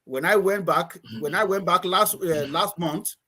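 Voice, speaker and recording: Guest, male, from Nigeria, high voice, rambling storyteller who restarts sentences and laughs a lot. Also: bright, forceful tone. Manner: halting, repeats words, laughs often. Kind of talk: casual storytelling conversation.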